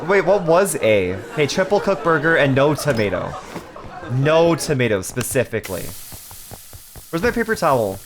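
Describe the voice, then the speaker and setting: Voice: medium pitch, sing-song, moderate pace, noisy background. A streamer playing a cooking game live, bantering and swearing at chat with frequent laughter.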